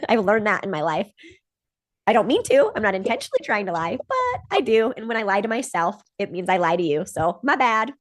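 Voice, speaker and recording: A woman's voice: mid-range voice, sing-song, fairly quick. A woman hosting a podcast, enthusiastic and laughing easily, with lots of "like" in her chat. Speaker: podcast host.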